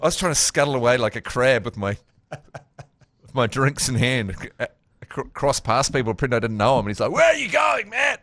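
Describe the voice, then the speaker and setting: A man's voice: mid-range voice, brisk, no echo. NZ male podcast co-host, anecdotal storyteller, middle voice, dry studio mic. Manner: storytelling with shouted impressions. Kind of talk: casual chat.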